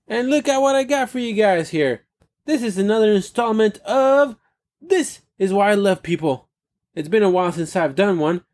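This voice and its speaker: A young man with a slightly higher voice hosts a podcast on his own. He rants in a rambling, profane, joking way and keeps asking the listeners to chime in. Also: expressive, moderate pace, a little mellow. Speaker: podcast host. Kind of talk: solo comedic rant.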